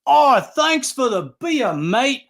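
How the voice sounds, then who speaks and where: A man's voice: very high-pitched, big pitch swings, slow, creaky, a bit bright, pitched above the performer's own voice, full character voice. A man doing an impression of a friendly, cheerful South African fan with a South African accent, chummy and calling people mate. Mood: cheery grateful.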